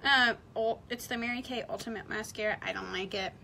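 A young woman chats her way through a makeup tutorial livestream from home, rambling and saying "like" constantly. She's a beauty vlogger with a fairly high, steady, fairly quick voice that sounds gravelly and sharp. A little hiss or hum sits in the recording.

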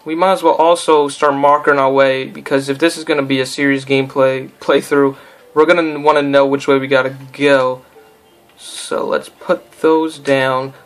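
A man's voice: mid-range voice, little pitch movement, moderate pace. A young man giving casual, rambling let's-play commentary, goofing around and talking to himself and the game. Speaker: gameplay commentator.

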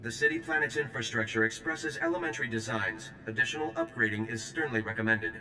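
An actor playing a formal alien engineer in a video game, speaking in oddly stilted phrases. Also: male voice, fairly low pitch, completely flat delivery, quick pace, bright, forceful tone, roomy sound, a little hiss or hum, poor audio. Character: alien male engineer, formal and strangely worded.

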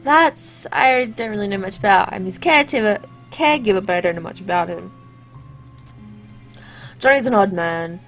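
A woman's voice: medium pitch, animated, fairly bright tone, soft background music. A woman voicing a hesitant young female caregiver in a game. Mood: unsure. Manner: hesitant, halting.

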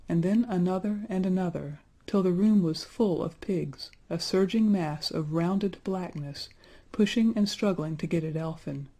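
A woman narrates a fairy tale in a measured, even reading. Her voice sits low, with a dark tone and a husky texture. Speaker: storyteller. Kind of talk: storybook narration.

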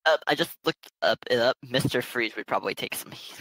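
Man, co game master, playful, mid pitch, dry close sound. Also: expressive, a little fast, fairly bright tone, no echo, poor audio. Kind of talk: casual tabletop game chat.

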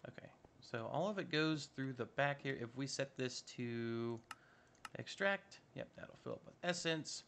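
A man's voice: medium pitch, lively intonation, measured pace, a bit bright, a little hiss or hum. A man giving casual, upbeat commentary while playing a modded block-building game, chatting to himself as he builds. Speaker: Minecraft modpack let's-play host.

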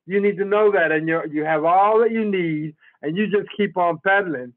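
A man with a fairly high voice gives a warm-hearted motivational pep talk, coming back to the same refrains again and again. He is heard over a video call, and the audio is thin and narrow like a phone line. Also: moderate pace, few pauses. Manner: encouraging, repeats refrains.

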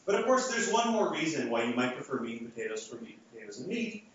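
A man's voice: medium pitch, very animated, quick pace, a bit bright, a little hiss or hum. A man giving an academic lecture to a live audience, talking conversationally with frequent restarts and fillers. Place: lecture hall. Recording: echoey hall, far from mic, dull sound.

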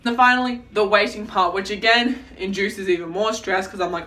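A woman talks to her camera in a loose, chatty vlog, full of dramatic self-mocking asides. Her voice is bright and sharp. She sits a little back from the mic, so the sound has some distance to it. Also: mid-range voice, fairly even intonation, brisk, few pauses. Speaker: vlogger.

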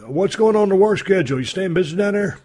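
A man's voice: high-pitched, expressive, fast, darkish tone. A man hosting a podcast, chatting casually with a guest and joking with profanity. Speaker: podcast host. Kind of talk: casual chat.

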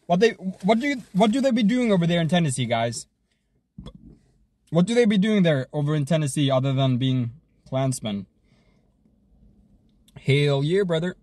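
A man streaming himself eating fast food, joking around, swearing often, and humming between bites. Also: fairly high pitch, lively intonation, darkish tone, dry recording. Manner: hyped, joking, swears a lot, chews and hums between bites.

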